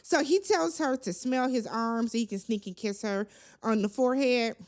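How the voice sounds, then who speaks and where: A chatty, opinionated woman recapping a reality show for her channel in a sassy, conversational tone. Her voice sits slightly higher than average. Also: normal speed, darkish tone. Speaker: recap vlogger. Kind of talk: casual reality-TV recap commentary.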